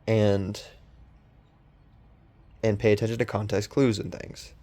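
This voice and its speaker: A young man talks in a low-pitched, sarcastic-sounding voice as he hosts a podcast. He rambles through a casual monologue, full of ums, restarts and loose asides. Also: little pitch movement, slow, mellow. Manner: meandering, with many ums and restarts. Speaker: podcast host.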